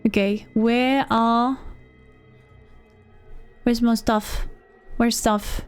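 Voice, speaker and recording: A woman streams a game and narrates every move to herself, often repeating single words. Her voice sits fairly high and her delivery is slow. Quiet game music plays behind her. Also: steady tone, clean tone. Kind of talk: live gameplay commentary.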